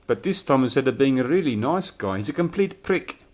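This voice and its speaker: A man's voice: mid-range voice, animated, fairly quick, a little mellow, pitched above the performer's own voice, natural voice. A man putting on an exaggerated South African accent as a crude, blunt, swearing man. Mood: mocking. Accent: mock South African.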